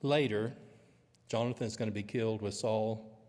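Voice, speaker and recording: A man's voice: on the low side, fairly even intonation, moderate pace, a little mellow, big-room sound. A man teaching a Bible lesson in church, with a conversational, storytelling manner. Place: church auditorium.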